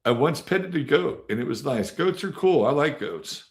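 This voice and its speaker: A man's voice: fairly high pitch, expressive, normal speed. A man hosting a casual live astrology stream, reading out viewers' names and chatting in a rambling way full of fillers. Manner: rambling and chatty, with many fillers and sudden jumps in loudness. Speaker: astrology show host.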